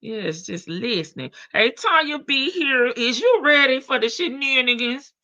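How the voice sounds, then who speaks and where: A woman's voice: high voice, lively intonation, unhurried, sharp tone, dry recording. A woman hosting a casual livestream, greeting chat members by name in a slangy, playful way. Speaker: livestream host.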